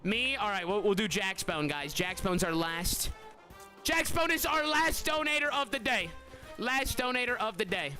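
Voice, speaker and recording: A young man with a high voice streams a game tournament live, chatting excitedly with viewers at a normal speed. He keeps saying "guys" and shouts at surprises, with soft music in the background.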